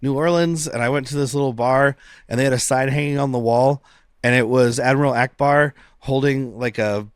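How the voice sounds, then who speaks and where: A man's voice: medium pitch, normal speed, smooth, dry recording. Man recapping a show, dry close mic. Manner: laid-back, recaps scenes with quoted lines. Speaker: podcast co-host. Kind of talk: casual chat.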